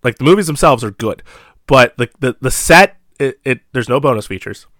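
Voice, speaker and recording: A man's voice: mid-range voice, lively intonation, normal speed, fairly bright tone, no room sound, clean studio sound. A man co-hosting a podcast, chatting casually about movies, rambling with frequent laughs. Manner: rambling, laughs often, acts out little dialogues. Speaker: podcast co-host.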